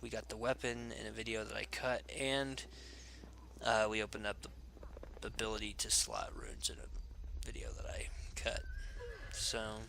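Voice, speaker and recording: A man's voice: lowish voice, lively intonation, unhurried, vocal fry, pauses often, pushed and bright, slight background noise. A tired man casually commenting on his gameplay as a let's play host, rambling and joking at his own expense. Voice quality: rambling, self-deprecating, jokey. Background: game music.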